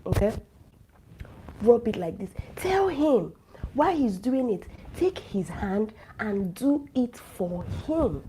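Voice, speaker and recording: A woman's voice: fairly high pitch, very animated, slow, mellow, slight background noise, poor audio. A woman, sick with a flu, giving frank and teasing relationship advice straight to her listeners. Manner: blunt, teasing, lecturing directly to listeners. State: has a flu, coughing. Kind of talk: frank advice talk to camera.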